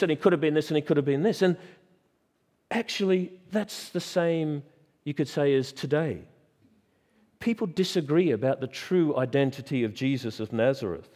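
Man, preacher, sermon, emphatic rhetorical questions, slightly high voice, long echo. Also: darkish tone. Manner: emphatic, with dramatic pauses and repeated rhetorical questions.

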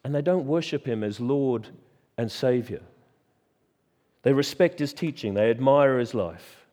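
A man's voice: medium pitch, animated, dark tone, big-room sound. A man preaching a sermon in a church, stressing key words and asking repeated rhetorical questions. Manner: emphatic, with dramatic pauses and repeated rhetorical questions.

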